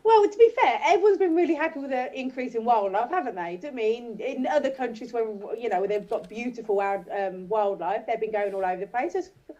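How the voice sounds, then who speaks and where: A woman's voice: a little high, animated, fast, hardly any pauses, warm tone, muffled recording. A woman chatting on a podcast panel with a dry, sarcastic manner. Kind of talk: casual panel chat.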